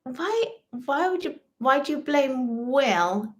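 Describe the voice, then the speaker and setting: A woman's voice: high voice, sing-song, slow. A British woman co-hosting a live chat stream, chatty and reading out viewer comments. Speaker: livestream co-host.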